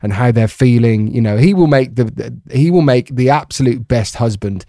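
A man co-hosting a podcast from a bedroom at home, chatting casually and telling stories with lively pitch jumps. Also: normal speed, dry recording, studio quality. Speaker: podcast co-host. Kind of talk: casual chat.

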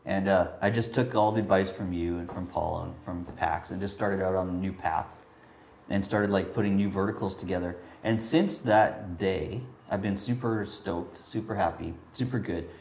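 A man's voice: sits low, normal speed, vocal fry, echoey room, a little hiss or hum. A man telling a personal story in casual chat, rambling with lots of fillers and acting out what people said. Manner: rambling, animated, many fillers, acts out quotes.

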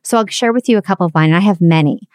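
A woman's voice: on the low side, very fast, a little mellow, no echo, clean studio sound. A middle-aged woman telling a candid, reflective story about her own parenting in a confessional monologue. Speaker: parenting speaker.

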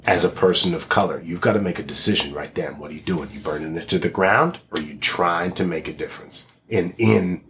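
American man guest on a podcast, reflective and emphatic, lowish voice. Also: fairly quick, hardly any pauses, a bit bright, a little hiss or hum. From United States. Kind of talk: casual conversation.

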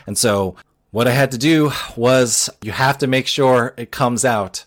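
A man's voice: medium pitch, unhurried. A man in his thirties, a podcast co-host, telling a rambling, self-mocking story in casual chat.

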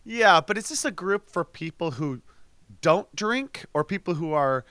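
A man co-hosting a podcast in casual chat, animated and jokey, swearing now and then. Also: high-pitched, a little slow, dry recording. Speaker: podcast co-host.

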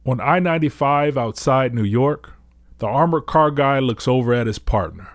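A man narrating a podcast story in a measured, scripted way. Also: medium pitch, lively intonation, no room sound, studio quality. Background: guitar music.

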